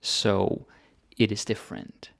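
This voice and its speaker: A man teaching grammar in a relaxed, chatty way, thinking aloud with fillers. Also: slow pace, no room sound, clean studio sound. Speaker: Danish language teacher. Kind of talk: casual grammar lesson.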